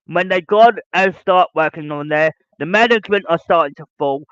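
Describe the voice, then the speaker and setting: High-voiced man ranting. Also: moderate pace, fairly bright tone, clear, resonant tone, no echo. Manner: ranting, repetitive, lecturing listeners directly. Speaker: podcast host. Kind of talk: podcast monologue. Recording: dull lo-fi dry sound.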